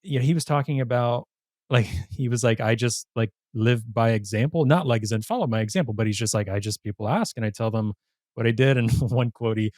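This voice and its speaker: A man's voice: mid-range voice, a little mellow, no echo, studio quality. A man hosting a podcast, chatting casually and with enthusiasm, laughing easily. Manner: enthusiastic, giggly, quick to laugh. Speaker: podcast host. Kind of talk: casual interview chat.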